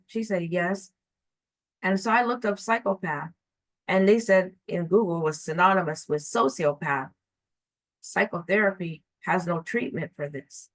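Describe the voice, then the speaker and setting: A woman telling a personal story in an earnest, halting way, often restarting and repeating her words. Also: fairly low pitch, dry recording, poor audio.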